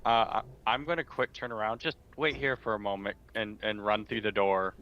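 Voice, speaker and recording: A man's voice: on the low side, steady tone, normal speed, fairly bright tone, muffled recording, a little hiss or hum. A man playing a tabletop game, eager and stumbling over his words, laughing often. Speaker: player. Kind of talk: casual chat in a tabletop game.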